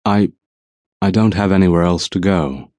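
A man voicing a worn-out, desperate former spy whose husky voice shakes as he pleads, in an audiobook. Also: low voice, moderate pace, a little mellow, no echo, lightly acted. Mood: pleading. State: husky, shaking voice. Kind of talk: audiobook dialogue.

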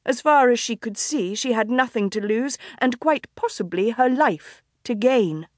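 A woman narrating a historical romance audiobook in a measured, even storytelling manner, close to a studio mic. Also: on the high side, no echo. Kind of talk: scripted narration. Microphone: studio microphone, close.

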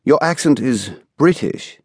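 A man's voice: mid-range voice, expressive, measured pace, darkish tone, slightly rough, dry recording, clean studio sound, voice pushed up. A man voicing a tense gunman in his forties who answers in short, guarded, clipped lines. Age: 40s. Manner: terse, clipped replies. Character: tense middle-aged gunman, terse and guarded.

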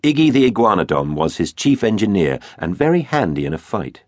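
Deep-voiced theatrical male storyteller. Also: very animated, brisk, no echo. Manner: theatrical, playful storytelling with big swings. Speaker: audiobook narrator. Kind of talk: children's audiobook narration. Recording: dry studio booth.

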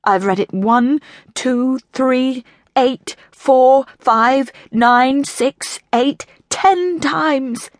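A woman voicing a sulky grown man king who moans slowly and gloomily. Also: high-pitched, no room sound, studio quality, pitched above the performer's own voice. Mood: moaning. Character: moaning, self-pitying grown man king.

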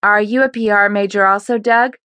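A woman's voice: mid-range voice, fairly even intonation, a little fast, bright, forceful tone, smooth, no room sound, natural voice. A woman voicing a tired single mother in her forties, dry and mildly exasperated, in an audiobook. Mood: polite.

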